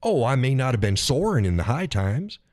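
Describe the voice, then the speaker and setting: A man's voice: mid-range voice, moderate pace, no echo, clean studio sound. A man hosting his own live stream, talking casually and with a lot of swearing as he acts out frustrated drivers. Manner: profane, animated, acts out quoted drivers. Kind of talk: casual political rant.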